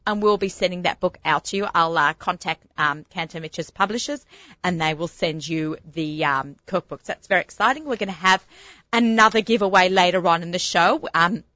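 Bubbly woman hosting a chat show, bright tone, kinda dull lo-fi sound. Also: lowish voice, moderate pace, dry recording. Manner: chatty, excitable, lots of fillers. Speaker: show host.

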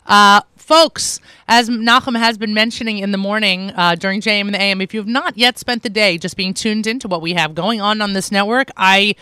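A woman's voice: medium pitch, brisk, hardly any pauses, sharp tone, smooth, no echo. A woman hosting a morning radio show in an upbeat, chatty way, speaking into a studio microphone. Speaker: radio host.

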